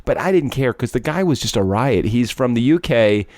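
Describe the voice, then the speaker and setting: A man's voice: medium pitch, lively intonation, normal speed, darkish tone, no echo, clean studio sound. A man co-hosting a casual podcast, joking, swearing freely and laughing often. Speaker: podcast co-host. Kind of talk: casual chat.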